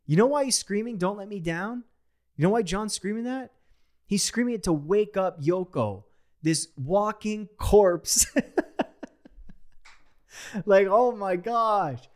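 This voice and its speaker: A young man enthusiastically talking through a song as a reaction host, in a rambling, excited way. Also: high-pitched, a little slow. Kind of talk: casual reaction commentary.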